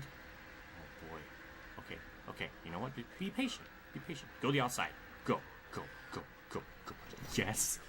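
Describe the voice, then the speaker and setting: Male streamer, live racing gameplay, profane and exasperated, pitch jumps all over, room noise under the voice. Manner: frustrated, profane, swearing often at the game; mutters and laughs under his breath. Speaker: streamer playing a racing game.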